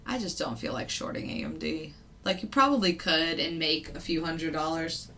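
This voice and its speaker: A woman's voice: low-pitched, animated, moderate pace, sharp tone, a little hiss or hum. A woman trader giving casual live commentary on the markets, thinking aloud with fillers and the odd laugh. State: hiccups. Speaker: futures day trader and channel host.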